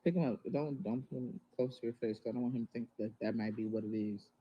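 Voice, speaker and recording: A woman's voice: a bass voice, fast talker, highs cut off, a little hiss or hum. A mother talking to viewers on a livestream, rambling and emotional, often turning to the audience with y'all. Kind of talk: casual livestream talk to viewers.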